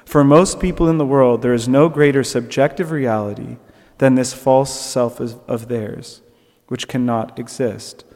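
A man's voice: mid-range voice, measured pace, big-room sound. A young man giving a conversational sermon reflection, with fillers and restarts. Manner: conversational, with fillers and restarts, animated when telling stories. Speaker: preacher.

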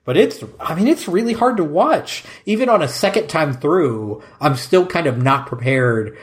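A man's voice: fairly high pitch, lively intonation, normal speed. A man co-hosting a casual film podcast, talking emphatically and effusively with many fillers. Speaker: podcast co-host.

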